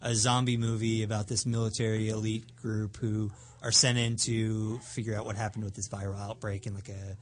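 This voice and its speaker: A man's voice: on the low side, level tone, normal speed, hardly any pauses, no room sound. A man who directs films, a guest on a casual podcast, explaining his projects in an easygoing way.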